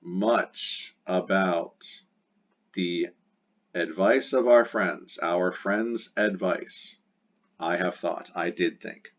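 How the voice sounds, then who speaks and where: A man's voice: low-pitched, drawn-out words, a bit bright, muffled recording. A man teaching a recorded grammar lesson, working through examples patiently and repeating key phrases. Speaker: Latin teacher.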